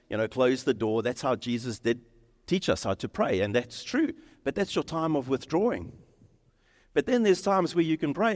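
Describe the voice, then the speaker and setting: A male pastor preaching a sermon, animated, acting out the lines of the people in his story. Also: medium pitch. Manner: animated, acts out dialogue in quoted voices. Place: church sanctuary. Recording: reverberant church hall.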